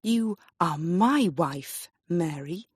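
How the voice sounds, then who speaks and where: A woman reading the lines of a sneering young husband and weak king, low, quiet and mocking. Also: lively intonation, very slow, breathy edge, no echo, studio quality, exaggerated voice.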